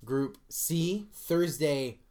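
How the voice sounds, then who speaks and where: Animated man telling a story. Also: a little high, very slow. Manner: animated storyteller who acts out reactions and swears freely. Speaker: podcast host. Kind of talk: casual podcast chat.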